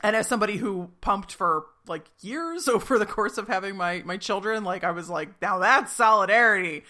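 Bright, chatty woman recapping a show. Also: mid-range voice, expressive, moderate pace. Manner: chatty, retells scenes in playful quoted voices. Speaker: podcast co-host recapping a TV episode. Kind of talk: casual recap chat.

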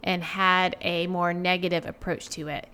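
A woman's voice: on the low side, level tone, moderate pace, pushed and bright, smooth. A woman in her forties, a guest author, talking reflectively in a casual interview with many filler words.

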